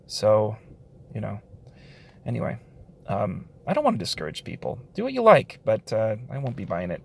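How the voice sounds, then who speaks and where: A man's voice: fairly low pitch, wildly swooping pitch, moderate pace, creaky, a little mellow, slightly rough. A man giving a casual spoken review of a comic book, sarcastic, with frequent sighs, short laughs and fillers.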